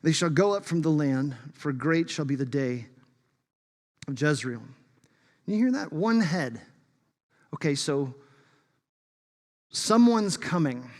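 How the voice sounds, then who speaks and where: A man preaching a sermon as pastor, emphatic and shifting between loud bursts and hushed asides. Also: a little high, animated, slow, pauses often. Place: church sanctuary. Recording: long reverb of a large hall.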